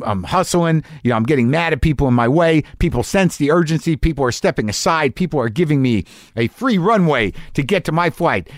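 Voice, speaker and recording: A man's voice: a little high, no echo, studio quality. A middle-aged man hosting a podcast, telling a frustrated, self-mocking story in a profane, worked-up monologue. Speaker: podcast host.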